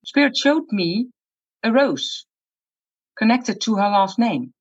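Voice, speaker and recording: A Dutch woman, a spirit medium, telling stories in a lively, casual way and often laughing. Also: fairly high pitch, slow, slightly rough, no echo, highs cut off. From Netherlands. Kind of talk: casual storytelling interview.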